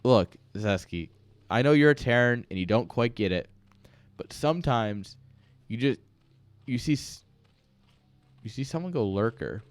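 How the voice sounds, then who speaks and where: A man's voice: mid-range voice, lively intonation, a little slow, pauses often, no room sound. Rambling, jokey male game caster. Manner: rambling, ranting, jokey, chats with viewers. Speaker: esports caster and streamer. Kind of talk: casual live game commentary.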